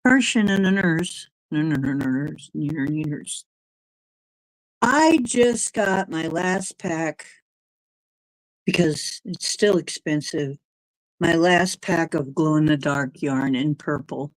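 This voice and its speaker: A woman with a low voice hosts a relaxed livestream, drifting loosely between thoughts and picking up viewers' comments as she goes. She takes her time over every phrase. The sound is close and dry, with no room echo. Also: takes it slowly, pauses often. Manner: rambling, drifting, reacting to chat comments. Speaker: livestream host reading chat. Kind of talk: casual livestream chat.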